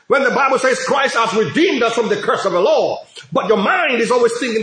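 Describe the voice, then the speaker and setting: A man's voice: extremely high pitch, expressive, brisk, hardly any pauses, fairly bright tone. A middle-aged man preaching a sermon as a pastor, speaking emphatically and repeating phrases, with frequent cries of praise. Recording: echoey room.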